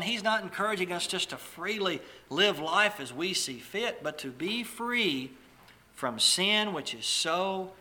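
A man's voice: sits high, sharp tone. A man preaching a sermon in a conversational way, telling stories with small restarts and asides.

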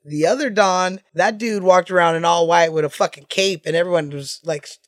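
A woman co-hosting a podcast, telling a film anecdote in casual chat, animated and swearing, acting out quotes with voices. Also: lowish voice, fairly quick, dry recording, clean studio sound.

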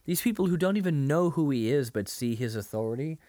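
Animated man recapping a show. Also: fairly high pitch, no echo. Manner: animated retelling, acting out characters' lines in quick voices. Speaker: podcast co-host. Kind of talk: casual chat recapping a TV episode.

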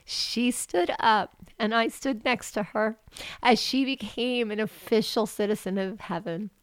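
A woman's voice: fairly high pitch, fairly even intonation, a little slow, clear, resonant tone, no room sound, clean studio sound. A woman telling a faith story on a video call, acting out what people said and laughing often. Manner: acts out quoted voices, laughs often. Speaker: guest. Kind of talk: animated faith testimony.

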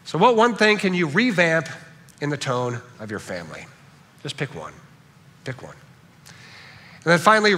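A man's voice: on the high side, sharp tone, big-room sound. A man preaching a sermon, earnest and repeating key phrases for emphasis, with a lingering dry cough. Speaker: pastor.

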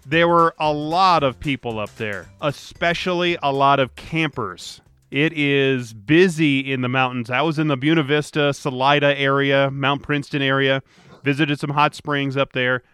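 A man's voice: medium pitch, fairly even intonation, moderate pace, fairly bright tone, clean tone, no room sound, studio quality, faint music behind. A middle-aged man hosting a casual transportation podcast, rambling with frequent restarts. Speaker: podcast host and traffic reporter.

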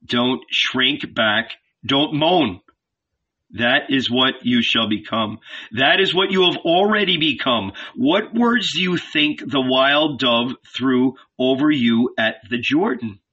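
A man voicing a calm, insistent male archangel who speaks as an inner voice, measured and commanding, on a dull lo-fi recording. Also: medium pitch, slightly rough, exaggerated voice.

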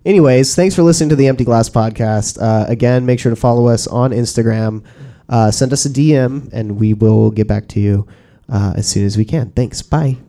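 A man's voice: medium pitch, fairly quick, mellow. A man co-hosting a podcast in casual chat, loose and laughing, with frequent swearing. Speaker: podcast co-host.

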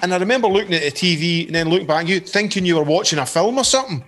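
A man, a band's singer, telling a story in casual chat, animated and full of swearing. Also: sits high, rapid-fire, soft background music. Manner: animated, swears a lot, acts out quotes. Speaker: band singer.

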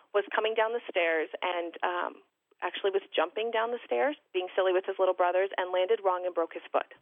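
A woman calling in to a talk show, telling a family story in an animated, breathless way. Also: mid-range voice, no echo. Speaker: guest caller. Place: home in north Texas. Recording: tinny phone line.

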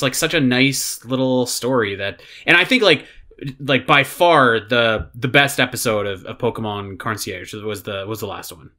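Bright-voiced man chatting animatedly. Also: medium pitch. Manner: animated, rambling with many fillers. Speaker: podcast co-host. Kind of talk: casual chat reviewing a show.

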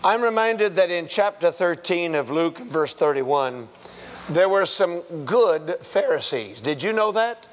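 Man, pastor, sermon, higher voice, conversational, rhetorical questions, long church reverb. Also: animated, a little slow, a little hiss or hum.

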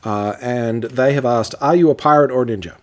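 Man, podcast host, casual chat, rambling, middle pitch. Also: a little fast, lo-fi sound. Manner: rambling, lots of fillers and restarts, laughs easily.

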